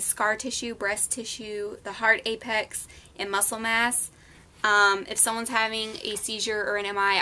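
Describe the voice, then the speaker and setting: A nursing student with a medium-pitched, pushed and bright voice talks through her class in a relaxed recap vlog. She's conversational and straightforward, often pausing with "um."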